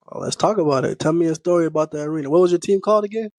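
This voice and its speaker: Laid-back Midwestern podcast host. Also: male voice, fairly high pitch, very fast, no room sound. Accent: Midwestern American. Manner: relaxed, conversational, slangy questions. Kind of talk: casual interview.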